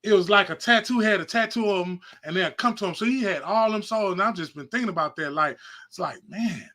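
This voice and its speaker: A man's voice: high-pitched, brisk, pushed and bright. A man hosting a podcast, preaching casually straight to his viewers, rambling and repeating himself, on a phone held close. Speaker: podcast host.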